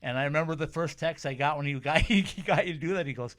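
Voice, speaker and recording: Higher-voiced man hosting a chat. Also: quick pace, a bit bright. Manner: chatty storyteller, repeats words when starting. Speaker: interviewer and host. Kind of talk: conversational interview.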